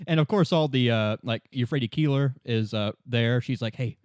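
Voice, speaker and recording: A man's voice: mid-range voice, darkish tone, smooth, no echo, clean studio sound. Rambling, laughing male podcast host. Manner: rambling, laughing, acts out characters in quick voices. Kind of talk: casual retelling of a novel.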